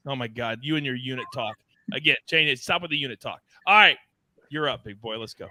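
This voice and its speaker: A man hosting a sports betting show, animated and teasing his co-hosts as he tells stories. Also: mid-range voice, brisk, dry recording. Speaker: host.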